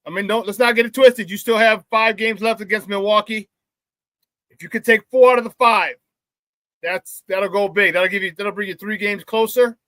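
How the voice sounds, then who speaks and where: Hyped sports talk host. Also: male voice, sits high, steady tone, moderate pace, no echo. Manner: hyped, shouts out viewers, laughs often. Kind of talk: live sports talk show, reading chat.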